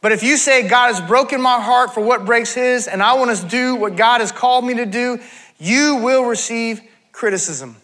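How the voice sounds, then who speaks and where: High, bright-voiced male pastor preaching. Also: moderate pace. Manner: conversational preaching with asides and self-corrections. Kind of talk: sermon. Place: church.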